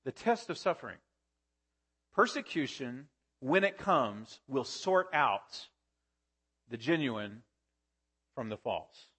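A man preaching a sermon as pastor, emphatic, with sudden climbs to excited peaks and drops to quiet, low stresses. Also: slow, pauses often, husky.

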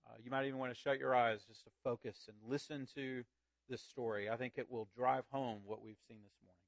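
A man preaching a sermon, reading a story aloud in a slow, dramatic way with big swings in loudness. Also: mid-range voice, steady tone, no room sound. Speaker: pastor.

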